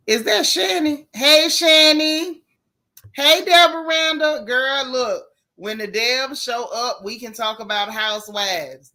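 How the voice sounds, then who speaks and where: Lively, bright-voiced woman livestream host. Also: fairly high pitch. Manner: lively, greets viewers by name. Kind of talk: casual livestream chat.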